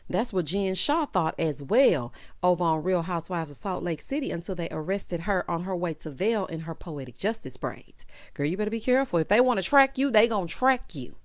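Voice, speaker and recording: A woman talks through a TV episode in a sassy, gossipy recap. Her pitch swings widely as she chats. The sound is dry and close, with no room around it. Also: no room sound. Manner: sassy, chatty, peppers talk with "child" and "honey". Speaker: TV show recap reviewer. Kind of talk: casual recap commentary.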